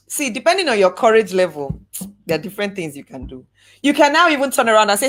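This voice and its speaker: A woman giving a lively motivational talk, acting out examples and drawing out words for emphasis. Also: a little high. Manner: animated, acts out examples, slow drawn-out emphasis. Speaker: speaker coaching on networking.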